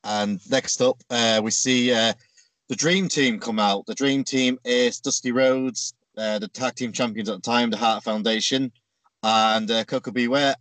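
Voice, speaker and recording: A man's voice: medium pitch, fairly bright tone, dry recording. A man co-hosting a podcast, casually recapping events step by step with frequent filler words. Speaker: podcast co-host. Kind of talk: casual chat recapping a wrestling show.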